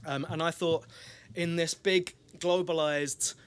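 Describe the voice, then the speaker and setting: A man's voice: fairly high pitch, steady tone, slow, clear, resonant tone. A man giving a public talk, telling a story in a candid, self-deprecating way. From North London. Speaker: speaker at an ideas festival.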